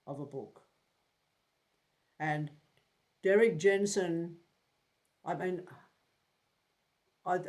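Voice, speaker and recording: A man's voice: fairly high pitch, a little mellow. A man in his seventies teaching a tarot group in a casual, blunt way, swearing freely and repeating words while he thinks. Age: 70s.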